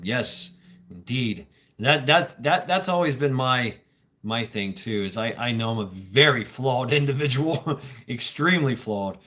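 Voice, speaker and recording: A man's voice: mid-range voice, fairly bright tone. A man hosting a casual livestream, musing aloud in a rambling way, often repeating his words and laughing between thoughts. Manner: reflective, joking, swears casually. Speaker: livestream host reading chat comments.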